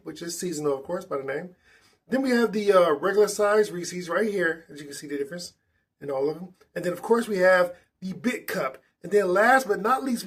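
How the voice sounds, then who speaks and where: A man's voice: high-pitched, husky. A man hosting a casual snack tasting vlog indoors at a table, chatty and enthusiastic with loose restarts. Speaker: food vlogger.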